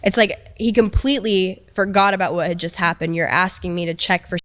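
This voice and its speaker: A young woman recounting a painful personal experience in a halting, hesitant way, with many restarts. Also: fairly low pitch, fairly bright tone. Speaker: person telling her story in an interview. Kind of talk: emotional personal account.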